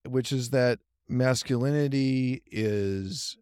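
A man hosting an interview, talking in a reflective, measured way and affirming his guest. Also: medium pitch, a little mellow, clear, resonant tone, dry recording, clean studio sound. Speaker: podcast host. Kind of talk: conversational interview.

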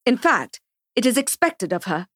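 A woman voicing a stern, calm man who heads the family in an audiobook, speaking in a measured, authoritative way. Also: on the high side, dry recording, clean studio sound.

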